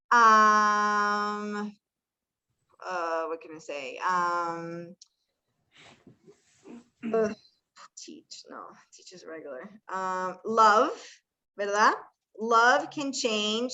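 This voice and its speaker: Slow, bright-voiced bilingual teacher woman. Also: mid-range voice, lo-fi sound. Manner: patient, explains step by step and quizzes students; switches between English and Spanish. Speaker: ESL teacher. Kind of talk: bilingual classroom lesson.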